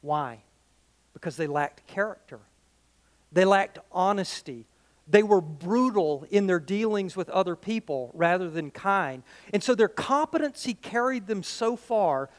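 A pastor with a fairly high voice preaches a sermon in an animated, conversational way, using rhetorical questions.

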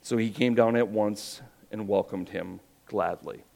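A pastor preaching a sermon, telling a story with rhetorical questions and dropping his voice quiet for emphasis. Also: fairly low pitch, steady tone, measured pace, gravelly.

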